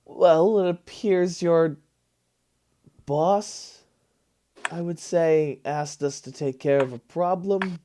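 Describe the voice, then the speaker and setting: A man's voice: on the high side, slow pace, long pauses, dark tone. A man speaking in character as a player in a tabletop game, dry and exasperated.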